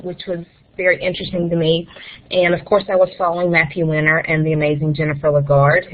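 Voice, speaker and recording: A woman with a North Carolina accent, a school librarian giving a friendly, conversational webinar presentation. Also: lowish voice. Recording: tinny phone-like line.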